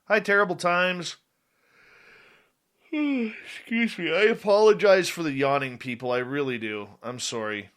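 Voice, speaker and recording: Bright-voiced male talk radio host. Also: fairly high pitch, unhurried. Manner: chatty, reads out chat names. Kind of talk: casual talk radio chat.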